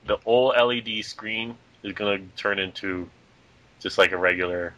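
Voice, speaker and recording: A man's voice: lowish voice, moderate pace, bright, forceful tone, rough recording. A man co-hosting a casual gaming podcast, talking in a laid-back way and swearing casually. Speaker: podcast co-host.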